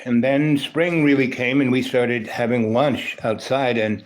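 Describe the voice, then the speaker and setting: Guy on a livestream rambling thru old school stories, you know, right?, average pitch. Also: darkish tone. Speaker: livestream host. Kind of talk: rambling personal storytelling.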